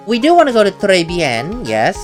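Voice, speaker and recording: A woman's voice: mid-range voice, huge pitch swings, normal speed, faint music behind. A young woman hosting a casual let's play, joking and laughing often as she comments on the game.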